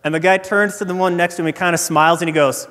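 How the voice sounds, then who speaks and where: A pastor with a notably high, light man's voice, preaching in an easy, storytelling way. His words ring out with the long reverb of a hall. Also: steady tone, fast talker, a bit bright. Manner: conversational storytelling. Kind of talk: sermon.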